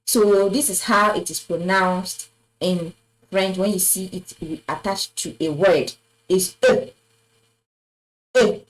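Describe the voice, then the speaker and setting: The recording is low quality, and the woman's fairly low voice stays fairly even as she speaks slowly. Standing at a classroom board, she leads an unhurried French lesson, repeating words patiently and saying "très bien" to praise.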